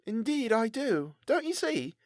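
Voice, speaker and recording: A man's voice: extremely high pitch, big pitch swings, measured pace, a little mellow, no echo, clean studio sound, voice pushed up, heavily acted. A man voicing a dejected young male barber's apprentice in an audiobook, gloomy and sarcastic. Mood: wary. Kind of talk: audiobook character voice.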